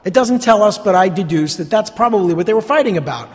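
Speaking fast with few pauses, this high-pitched, expressive pastor from North Jersey delivers his sermon in a chatty way, heavy with a New Jersey accent. He drops sarcastic remarks and repeats words, and a long hall reverb trails his voice.

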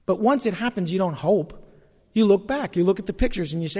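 Animated high-voiced male pastor preaching. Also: quick pace, in a large hall. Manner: animated preaching, folksy asides. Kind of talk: sermon.

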